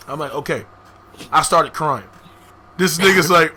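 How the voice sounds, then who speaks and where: A man's voice: a little high, a little slow, long pauses, bright, forceful tone. A young man hosting a podcast, telling a story casually, profane and laughing as he goes. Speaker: podcast host. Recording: faint background noise.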